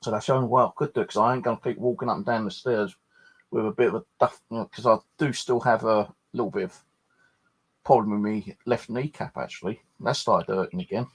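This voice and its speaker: A man's voice: fairly low pitch, fast, husky. A man hosting a paranormal channel, chatting casually and rambling, swearing freely as he talks. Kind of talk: casual late-night chat.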